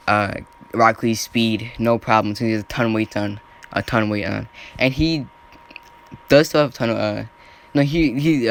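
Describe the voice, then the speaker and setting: A man's voice: fairly low pitch, a bit bright, slight background noise. A man casually retelling a fan story off the cuff, rambling and often correcting himself as he goes.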